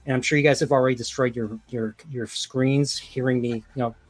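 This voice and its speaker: A man chatting on a casual podcast as a guest, trading quick banter with the host. His voice is husky and slightly breathy, at a mid-range pitch. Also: fairly even intonation. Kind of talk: casual chat.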